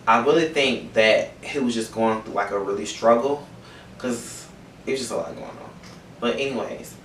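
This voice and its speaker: A man's voice: on the low side, a bit bright, a little hiss or hum. A young man casually telling a personal story to camera, candid and profane, getting emotional at times. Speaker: vlogger. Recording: roomy audio from a distance.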